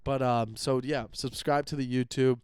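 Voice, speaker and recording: A man's voice: medium pitch, steady tone, normal speed, smooth. A young man hosting his own podcast, chatting casually and rambling, swearing as he vents about his listeners. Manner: rambling, profane, venting. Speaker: podcast host. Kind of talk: casual solo podcast chat. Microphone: close podcast microphone.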